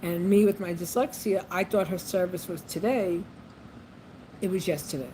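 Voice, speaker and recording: A woman's voice: lowish voice, normal speed, dark tone. A woman vlogging in a casual monologue, chatty and repeating herself with frequent ums. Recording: noisy background ambience.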